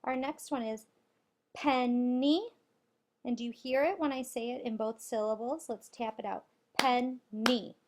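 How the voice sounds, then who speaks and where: A woman teacher giving a recorded spelling lesson to young children, spelling out letters and clapping out syllables deliberately. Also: a little high, darkish tone, a little hiss or hum.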